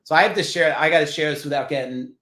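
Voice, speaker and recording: Guy from jersey telling heartfelt business stories, cusses here and there, voice a bit high, roomy echo. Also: fast, bright, forceful tone. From New Jersey. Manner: earnest, swears casually. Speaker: business founder guest. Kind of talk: emotional storytelling.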